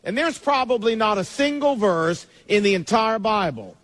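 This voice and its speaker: A middle-aged man, a pastor, preaching a sermon emphatically, his pace speeding up and slowing down. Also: high-pitched, animated, a bit bright. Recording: long reverb of a large hall.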